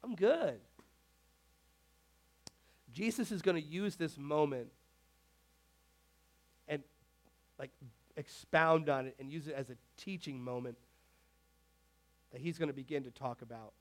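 A man preaching a casual, animated sermon, peppering his speech with "like". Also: fairly high pitch, measured pace, pauses often. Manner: animated, filler-heavy with frequent "like"; talks to the tech crew mid-sermon. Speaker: pastor.

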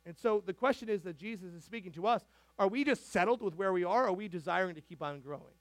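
A man preaching a sermon as a pastor, animated and conversational, with frequent asides and restarts. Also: high-pitched, fast, dry recording. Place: church sanctuary.

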